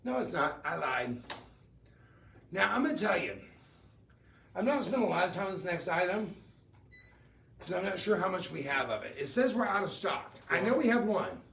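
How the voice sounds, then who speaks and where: Shopping host: middle-aged man, slightly high, gravelly voice, chatty upbeat sales patter, echoey studio with a distant mic. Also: sing-song, normal speed, pauses often, fairly bright tone. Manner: chatty, upbeat, tells personal stories. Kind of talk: live-stream jewelry sales pitch.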